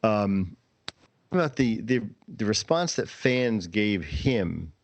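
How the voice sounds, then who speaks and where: A man hosting a podcast in casual chat, rambling and halting. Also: fairly low pitch, big pitch swings, dry recording. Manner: rambling, halting, many restarts. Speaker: podcast host.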